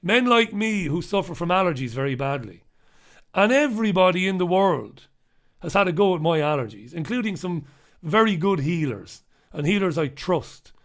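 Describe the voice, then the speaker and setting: At normal speed and in a high, animated voice, a man hosts a live show reviewing newspapers. His solo commentary is impassioned and emphatic, full of repeated points for weight, blunt talk, and the occasional swear.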